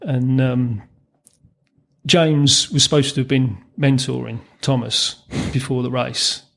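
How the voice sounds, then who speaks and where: A man's voice: medium pitch, steady tone, takes it slowly, vocal fry, fairly bright tone. A man, a former racing mechanic telling anecdotes as a podcast guest, chuckling through his stories with frequent ums and restarts. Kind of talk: storytelling in a podcast interview.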